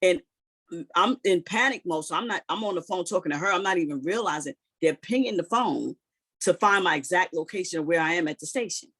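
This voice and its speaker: A man retelling a personal story in casual talk, animated and full of "you know" and "like". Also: high voice, fairly quick.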